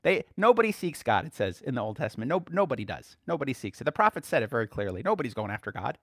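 Animated, chuckling male preacher. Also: mid-range voice, fast, no room sound, clean studio sound. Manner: animated, rhetorical questions, frequent chuckles. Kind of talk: teaching sermon to a small group.

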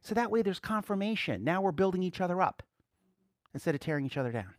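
A man's voice: high-pitched, sing-song, fast, no echo, studio quality. A man preaching a sermon in a conversational way, often checking in with his listeners and rising to emphatic bursts. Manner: frequent rhetorical check-ins. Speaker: pastor.

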